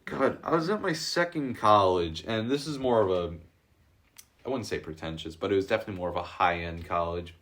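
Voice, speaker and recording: A man's voice: low-pitched, animated, a little fast, fairly bright tone. A young man co-hosting a casual podcast, telling loose, profane stories and laughing often. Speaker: podcast co-host. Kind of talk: casual chat.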